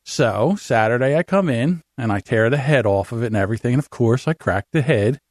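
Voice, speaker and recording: Animated middle-aged man telling stories. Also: medium pitch, brisk, no room sound, studio quality. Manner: animated storyteller, swears freely. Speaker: podcast co-host. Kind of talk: casual chat.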